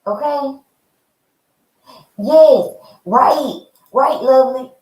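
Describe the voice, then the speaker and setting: A lively woman vlogger chats with her viewers and calls them "y'all" and "honey." Her voice sits a little high. She is some way from the mic in a roomy, echoing space. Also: very slow, far from the mic. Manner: animated, chatty, addresses viewers as y'all and honey. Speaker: reality TV review vlogger. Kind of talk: casual chat.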